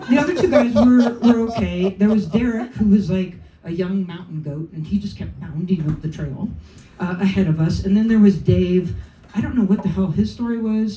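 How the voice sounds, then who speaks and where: On a comedy club stage, a woman from California tells a funny personal story, wry and self-deprecating, with profane asides that draw laughs. Her voice is lowish and mellow. A distant mic gives a roomy club sound, with audience laughter and faint room ambience behind her.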